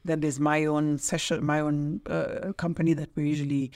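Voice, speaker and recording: A woman's voice: deep voice, flat delivery, normal speed, darkish tone. A middle-aged woman speaking as a podcast guest, an emphatic, teacherly trainer who asks rhetorical questions. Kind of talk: casual podcast interview.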